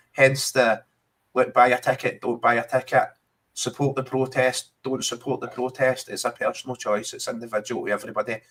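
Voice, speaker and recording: A man's voice: mid-range voice, a bit bright, slightly rough. Chatty Scottish man talking football. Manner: chatty, keeps saying mate. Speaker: podcast co-host. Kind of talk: casual football chat.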